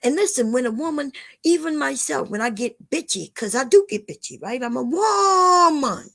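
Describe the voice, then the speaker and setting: Blunt, gravelly older woman livestreamer. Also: sits high, expressive, brisk, darkish tone. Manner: blunt, preachy, addresses viewers as y'all. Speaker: livestream host. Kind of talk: casual livestream chat.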